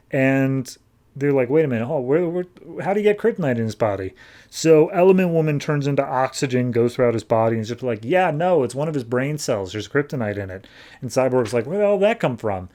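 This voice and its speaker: A man's voice: fairly high pitch, a little mellow. A man hosting a podcast, casually recapping a comic book and paraphrasing the characters in slangy, offhand dialogue. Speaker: podcast host.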